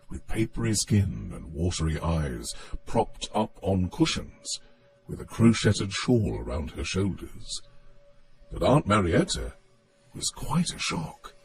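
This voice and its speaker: A man narrating a story in a measured, expressive reading voice. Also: low-pitched, gravelly, faint music behind.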